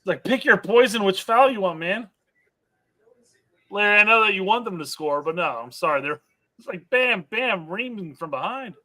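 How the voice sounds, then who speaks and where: A man's voice: sits high, expressive, normal speed, sharp tone. A man co-hosting a live soccer watch-along stream, chatting about the plays and reading viewer comments aloud. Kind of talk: casual live match watch-along chat.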